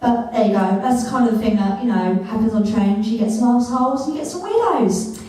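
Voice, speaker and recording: A young actress playing a sweary girl venting about life on trains, in an exasperated storytelling tone. Her voice sits a little high. It echoes around a big rehearsal room, caught from far away. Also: animated, a little fast, dark tone, close to an everyday voice. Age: young adult. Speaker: student actor. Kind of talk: improvised comic monologue.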